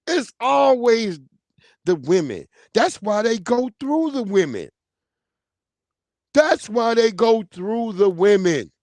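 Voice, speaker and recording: A man hosting a casual livestream, talking in an animated, slangy way and calling out viewers by name. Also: sits high, takes it slowly, no room sound. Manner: animated, slangy, reads viewer names aloud. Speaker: livestream host.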